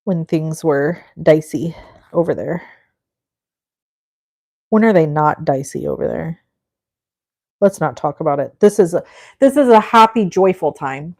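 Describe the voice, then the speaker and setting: A woman's voice: deep voice, expressive, measured pace, long pauses, darkish tone. A middle-aged woman hosting a live crafting stream, chatting with viewers in a gushing, effusive way as she works. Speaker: crafting livestream host.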